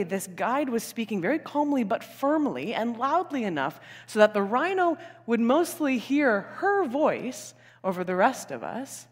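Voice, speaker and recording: A young adult woman pastor preaching a sermon, telling a story in an animated way with chuckles and asides. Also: fairly high pitch, slightly rough. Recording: long hall reverb in church.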